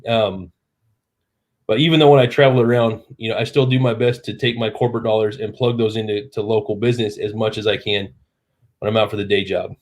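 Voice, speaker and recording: A man's voice: fairly low pitch, steady tone, fairly quick, a little mellow. A man hosting a casual live stream chat, a bit tipsy from drinking, rambling and losing his train of thought. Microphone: live stream setup.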